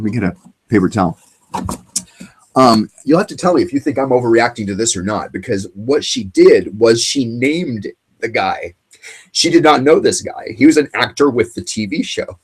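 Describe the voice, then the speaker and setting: A man who grew up in the 1980s hosts a late-night show, delivering a casual monologue while choked up and tearful. His medium-pitched, slightly rough voice rambles and halts, with fillers and restarts.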